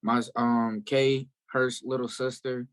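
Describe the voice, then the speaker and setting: A man from South Carolina, a guest musician in a casual interview, telling stories in a candid, animated way. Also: medium pitch, unhurried, clean tone.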